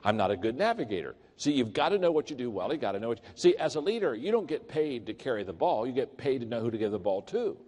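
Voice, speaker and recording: A man's voice: medium pitch, fast, hardly any pauses. An older man giving a leadership talk, telling stories and acting out the people in them. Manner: animated, acts out the people in his stories. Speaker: leadership speaker. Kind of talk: storytelling keynote talk. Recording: long reverb of a large hall.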